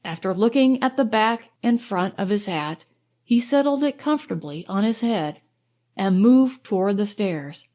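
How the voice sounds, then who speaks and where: An audiobook is narrated by a woman whose voice sits in the middle range, and her delivery is steady, expressive and story-driven.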